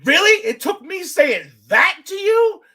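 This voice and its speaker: High-voiced podcast guy, swears a lot, voice jumps up and down all the time. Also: measured pace. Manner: animated, profane storytelling with big pitch swings. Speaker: podcast host. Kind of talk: casual podcast chat.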